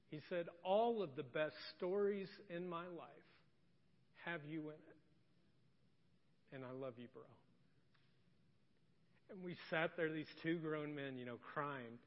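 Pastor in an echoey church hall. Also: male voice, fairly high pitch, unhurried, pauses often. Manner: conversational, joking, swings from loud to soft and emotional. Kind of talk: sermon with personal story. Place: church sanctuary. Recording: distant echoey hall, dull sound.

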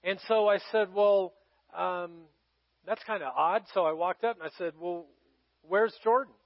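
Male pastor, middle-aged, high-pitched, dry close sound, slightly dull audio, chatty sermon storytelling. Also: measured pace, no echo. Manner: conversational, dramatic swings from loud to hushed.

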